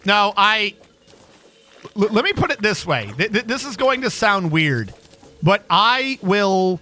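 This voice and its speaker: High, bright-voiced cursing male streamer. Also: lively intonation, slow pace. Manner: profane, stammering, heated ranting. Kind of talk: casual gaming livestream rant.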